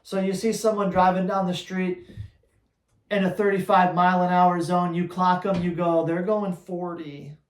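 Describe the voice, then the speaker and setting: A man's voice: high-pitched, completely flat delivery, normal speed, roomy sound. A man who trains dogs, answering viewer questions in a blunt, teasing, emphatic way. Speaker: dog trainer.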